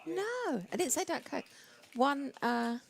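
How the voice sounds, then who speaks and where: A woman's voice: high voice, a little slow, creaky. A woman giving casual live poker commentary, chatty and playful in her banter.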